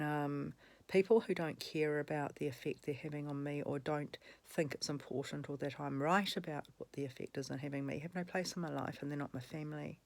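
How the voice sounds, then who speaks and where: A woman, speaking in an angry, emphatic personal monologue, swearing and repeating herself for emphasis, with a cough at times. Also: sits low. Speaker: vlogger.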